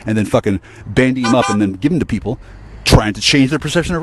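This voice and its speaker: Recorded outdoors on a city street with background noise, a man vlogger rants angrily to camera in a fast, mid-range voice with lively intonation. His profane monologue rambles, with stammered restarts and sighs.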